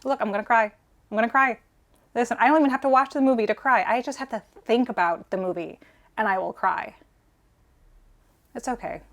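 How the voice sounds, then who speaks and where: A woman's voice: on the high side, fairly quick, pauses often, a bit bright. Sentimental woman in her forties gushing. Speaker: collector co-host. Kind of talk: casual vlog storytelling.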